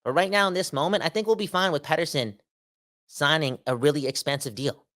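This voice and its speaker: Animated Canadian man hosting a sports podcast. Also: on the high side, fairly quick. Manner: animated, slangy, emphatic, repeats for effect. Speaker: podcast host. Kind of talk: casual sports podcast rant.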